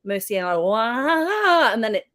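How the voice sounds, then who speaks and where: A woman's voice: mid-range voice, expressive, moderate pace. A woman from England with a British accent, co-hosting a casual podcast chat and laughing often. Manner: chatty, laughs often, trailing restarts. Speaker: podcast co-host.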